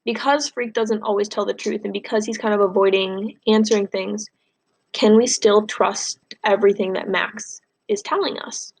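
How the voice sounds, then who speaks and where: A woman's voice: medium pitch, steady tone, moderate pace, creaky, darkish tone. A woman teacher reading a novel aloud and stopping to explain it in a casual way, with fillers.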